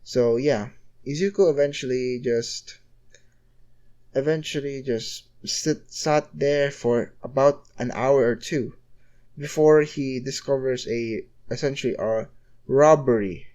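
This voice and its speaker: A man's voice: medium pitch, takes it slowly, darkish tone, lo-fi sound. A man casually narrating a fan story in a rambling way, leaning constantly on the filler "essentially".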